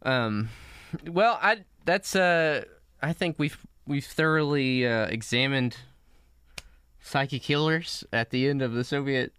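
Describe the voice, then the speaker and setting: A man's voice: medium pitch, slow, a bit bright, clean tone, no echo. A man co-hosting a podcast, rambling casually with hesitant fillers and frequent laughter. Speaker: podcast co-host.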